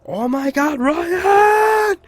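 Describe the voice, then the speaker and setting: A man's voice: animated, drawn-out words, dry recording, exaggerated voice. A man voicing an exasperated young girlfriend who shrieks as she nags about laundry. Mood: furious. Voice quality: shrill shrieking.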